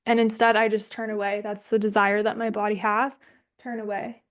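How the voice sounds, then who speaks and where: A young woman runs an online somatics workshop over a video call, talking casually and candidly, swearing freely and thinking aloud with pauses. Her mid-range voice has a flat delivery.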